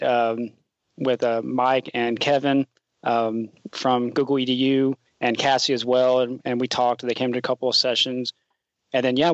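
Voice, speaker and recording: A man teacher advisor speaks in a loose, anecdotal way, filling his story with fillers. His voice sits at a middle pitch and comes through a dull, slightly lo-fi line with a dry sound. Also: no echo. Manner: relaxed, anecdotal, many fillers. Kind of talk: casual storytelling in an interview.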